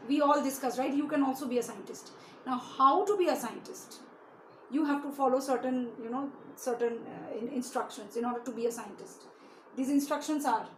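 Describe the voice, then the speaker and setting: A woman teaching a lesson to young children, asking them many questions and often adding "you know". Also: sits high. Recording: echoey room with faint hiss.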